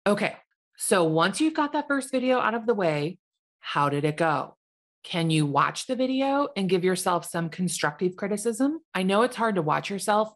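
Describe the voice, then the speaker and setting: A woman in her forties, a realtor, giving chatty, self-deprecating advice in a solo podcast. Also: fairly low pitch.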